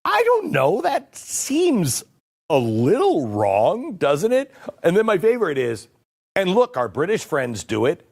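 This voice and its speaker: A man's voice: sits high, huge pitch swings, unhurried, creaky, a little mellow. Sarcastic man for a commentary show, voice rising and falling a lot. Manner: sarcastic, mocking asides. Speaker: political commentary host. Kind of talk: political commentary.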